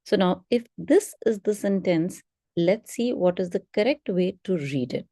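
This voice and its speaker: Slow, mellow woman teaching a webinar. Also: medium pitch, expressive, no echo, clean studio sound. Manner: instructive, stresses key words, slow model readings. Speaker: English test prep teacher.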